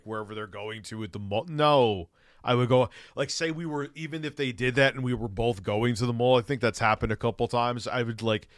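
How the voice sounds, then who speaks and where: A man's voice: mid-range voice, fairly bright tone, smooth, no room sound. Blunt, profane male streamer, dry sound. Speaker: streamer reacting to videos. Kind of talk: casual reaction commentary.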